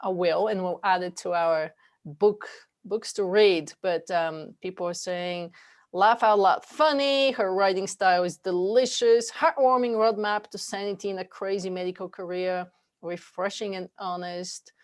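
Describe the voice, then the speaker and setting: A woman hosting an interview podcast over a remote call, friendly and given to soft laughs. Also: medium pitch, measured pace. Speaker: podcast host.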